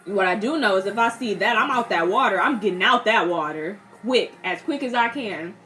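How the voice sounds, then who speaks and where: A young woman giving a casual movie reaction, animated, laughing often and acting out characters in quick voices. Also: medium pitch. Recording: steady background noise.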